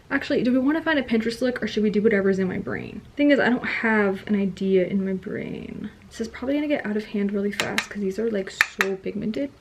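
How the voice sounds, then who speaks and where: A woman's voice: mid-range voice, gravelly, a little mellow, a little hiss or hum. A young woman vlogging a casual get-ready-with-me in her bedroom, rambling and chatty with lots of "like" and frequent giggles. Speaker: beauty vlogger. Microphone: camera nearby, self-filmed. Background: faint pop music playing.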